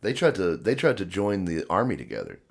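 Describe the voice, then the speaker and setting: A man with a low, creaky voice hosts a podcast, speaking at a fairly quick clip. Chatting casually, he spins animated stories, imitates the people he quotes, and laughs a lot.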